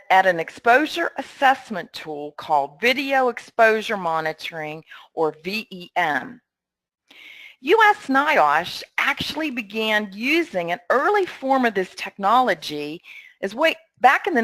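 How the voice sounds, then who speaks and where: A middle-aged woman presenting a training webinar in a friendly, upbeat and clear way. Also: fairly high pitch, fairly bright tone, no echo, rough recording.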